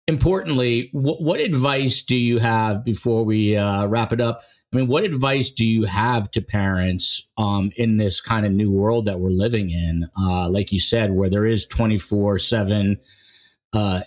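A man's voice: lowish voice, a little mellow. A man hosting a casual podcast interview, chatting and asking long, rambling questions. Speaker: podcast host.

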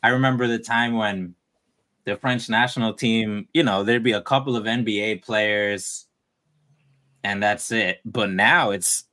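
A man's voice: on the low side, a little slow. Chatty New York man hosting a podcast. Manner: relaxed, chatty, laughs easily. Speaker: podcast host. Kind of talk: casual podcast chat.

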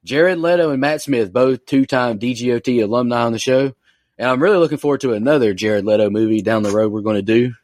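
A man's voice: mid-range voice, fast talker, a little mellow, no echo. A man co-hosting a film review podcast, going point by point through his notes. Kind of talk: casual chat from notes.

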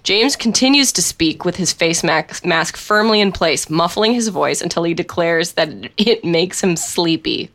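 A woman's voice: fairly low pitch, normal speed, few pauses, fairly bright tone. A woman reading a written story aloud in a wry way, often breaking into laughs as she reads.

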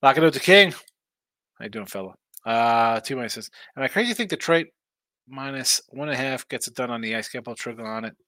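A man's voice: mid-range voice, animated, brisk, fairly bright tone, no room sound. A man hosting a sports betting live stream, tired and yawning, rambling through picks and reading viewer chat aloud. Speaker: sports betting show host.

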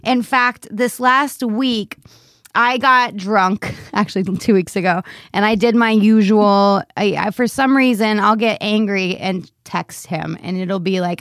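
A woman's voice: medium pitch, measured pace, fairly bright tone, dry recording, clean studio sound. A woman co-hosting a casual podcast chat, talking candidly and laughing often. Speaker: podcast co-host.

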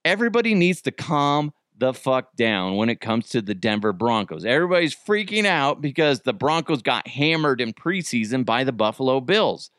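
A man's voice: medium pitch, fairly bright tone, no room sound, clean studio sound. A middle-aged man hosting a podcast, telling comedic stories casually, swearing and acting out quotes in raised voices. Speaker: podcast host.

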